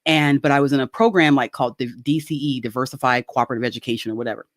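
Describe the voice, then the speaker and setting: On a video call, a woman with a very deep voice tells a story at a racing pace, laughing often and acting out the quoted voices with animation. She's a guest, and the recording is dry with clean studio sound.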